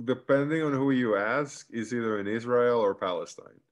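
A man with an ordinary mid-range voice trades jokes with his co-hosts on a podcast. He talks quickly and breaks into laughter often. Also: mid-range voice. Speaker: podcast co-host. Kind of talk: casual podcast banter.

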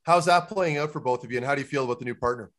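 A man's voice: medium pitch, racing, a bit bright. A man co-hosting a casual podcast, chummy and joking, swearing casually as he asks questions. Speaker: podcast co-host.

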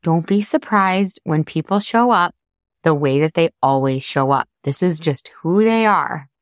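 A woman's voice: low voice, expressive, measured pace, no room sound, clean studio sound. A woman hosting a podcast, coaching listeners in a candid, chatty way, swearing casually and laughing often. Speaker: podcast host.

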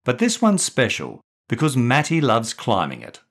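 A man's voice: mid-range voice, wildly swooping pitch, moderate pace, fairly bright tone, voice pushed up, exaggerated voice. A man voicing a sensible older sister, a school captain, in a storybook reading. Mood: keen.

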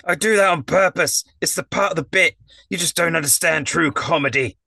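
A man's voice: a little high, brisk, creaky, bright, forceful tone, dry recording, voice pushed up, full character voice. A man voicing a grumpy, self-important male sad clown who whines indignantly. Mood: haughty.

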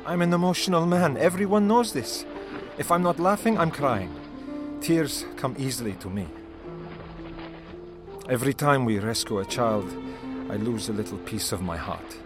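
A man's voice: mid-range voice, animated, normal speed. Emotional man narrating over music. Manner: heartfelt, emotional storytelling. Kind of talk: scripted first-person narration.

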